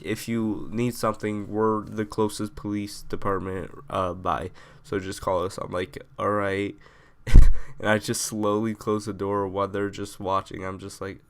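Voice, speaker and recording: Smooth low-voiced young man rambling. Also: a bit bright. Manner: rambling, filler-heavy storytelling. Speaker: vlogger. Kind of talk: casual storytime.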